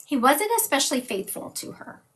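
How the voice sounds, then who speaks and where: Woman doing live psychic readings, kinda high voice, keeps saying he's showing me, stops to talk to chat. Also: big pitch swings, a little fast, fairly bright tone. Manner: chatty, answers viewer comments between readings; describes visions as "he is showing me". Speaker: psychic medium host.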